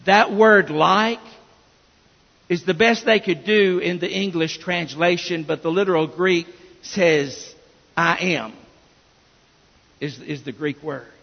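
Male pastor, high gravelly voice, slow emphatic preaching, dull echoing church recording. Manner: emphatic preaching with repeated restarts. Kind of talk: sermon.

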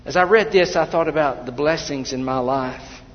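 Speaking at a normal speed, a man with a fairly high voice preaches to his flock in a homespun, chatty way, often restarting and doubling back through his anecdotes. The church sanctuary gives his words a long, trailing echo. Sound quality is muffled and dull, with a low hum in the background.

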